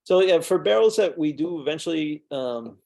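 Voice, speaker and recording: Middle-aged guy w a gravelly voice, chatty mead maker telling long stories, lots of ums and restarts. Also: on the high side, expressive, normal speed. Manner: rambling anecdotes with fillers and restarts. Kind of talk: casual storytelling during a tasting.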